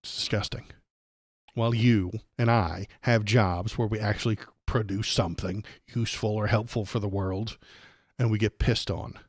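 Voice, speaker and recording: Profane ranting male streamer, low voice. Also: fairly even intonation, moderate pace, no echo, clean studio sound. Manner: angry, profane and sarcastic. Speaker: livestream political commentator. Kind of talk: ranting live-stream commentary.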